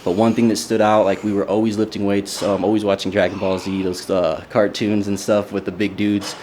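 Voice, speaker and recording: A man's voice: fairly low pitch, level tone, a little fast, a little mellow, slight background noise. A young man, a bodybuilder, telling his personal story in a casual, earnest way with many fillers. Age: young adult. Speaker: bodybuilder interviewee.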